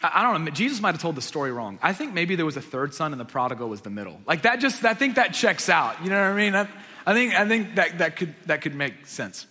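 Bright-voiced pastor preaching in a hall. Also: male voice, a little high, big pitch swings, quick pace. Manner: storytelling, swings from hushed to loud emphatic preaching. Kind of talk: sermon. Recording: long reverb of a large hall.

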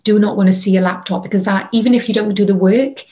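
A woman talks through practical burnout advice in an animated, chatty way, full of ums and little asides. She sits on her bed for an interview, and the audio comes through slightly dull and lo-fi. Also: mid-range voice, fast. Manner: chatty, animated advice-giving with many fillers. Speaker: wellbeing and burnout coach. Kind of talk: interview conversation. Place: bedroom.

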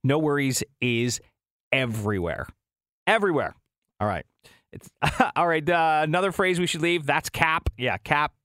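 A man's voice: on the high side, animated, normal speed, a bit bright, no room sound, studio quality. A man co-hosting a morning radio show, chatting casually, laughing often and reading out listener texts.

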